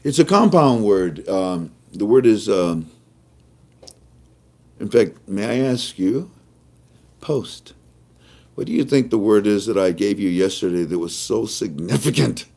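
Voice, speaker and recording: Male host, casual commentary, chuckling, stretches words, lively pitch. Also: vocal fry. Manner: animated, chuckling, drawn-out emphatic words. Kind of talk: casual live-stream commentary.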